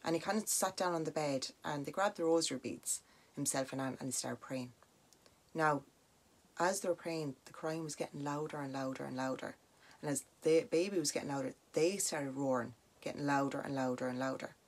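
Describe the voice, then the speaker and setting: A young Irish woman with a low voice tells a ghost story casually on her podcast. She chats along with plenty of "like" and "now" asides, animated and conversational. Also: fairly quick. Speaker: podcast host.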